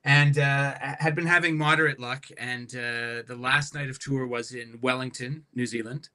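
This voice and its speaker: Guest musician, male, bright forward voice, rambling and animated storyteller. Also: medium pitch, normal speed. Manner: rambling, animated anecdotes with many restarts. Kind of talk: casual podcast storytelling.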